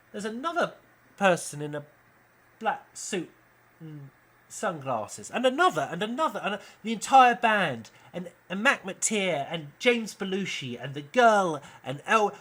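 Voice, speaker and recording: Bright-voiced British man telling a story. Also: sits high. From United Kingdom. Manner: acts out the quoted lines in raised voices. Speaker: channel host pitching a film idea. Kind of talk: animated storytelling monologue.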